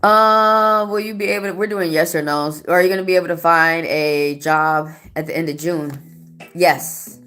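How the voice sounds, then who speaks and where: With music playing underneath, a woman doing tarot on a live stream answers viewers' comments in a rambling style, with fillers and restarts. Her pitch is fairly low and her tone fairly bright, with fairly even intonation and normal speed.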